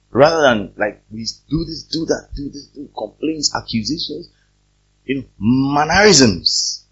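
A man, a pastor, preaching a sermon to his congregation, reading scripture and then speaking to them directly with pointed questions and loud, emphatic peaks. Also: mid-range voice, slightly rough. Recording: dull lo-fi sermon recording.

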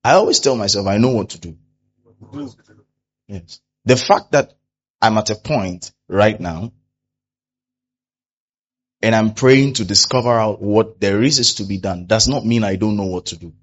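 Lively preaching man, lo-fi with hum. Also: fairly low pitch, measured pace, pauses often. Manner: animated preaching, acting out quoted complainers. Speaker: pastor. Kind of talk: sermon.

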